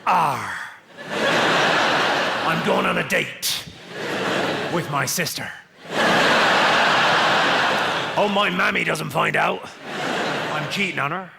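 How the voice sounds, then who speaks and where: A male comedian putting on a crude, boastful West Country pirate voice with a gruff growling bark in a stand-up routine, with loud noise behind. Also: on the high side, lively intonation, slow pace, long pauses, heavily acted. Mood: bawdy.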